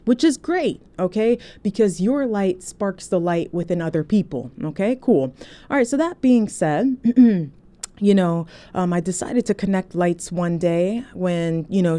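A woman telling a casual story to her phone, chatty and animated, often checking in with "okay?". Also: medium pitch. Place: indoors, recording on a phone.

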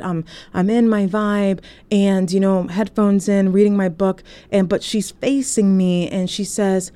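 Chatty woman telling a story, mellow voice. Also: medium pitch. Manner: chatty, animated, frequent "okay?" asides. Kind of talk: casual storytelling vlog. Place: indoors, recording on a phone. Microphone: phone.

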